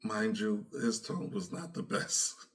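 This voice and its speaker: A man's voice: fairly low pitch, expressive, takes it slowly. A middle-aged man hosting a podcast, speaking earnestly and reflectively, often repeating phrases and acting out remembered conversations. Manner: earnest, repeats phrases, acts out quoted dialogue. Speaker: podcast host. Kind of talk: reflective personal talk.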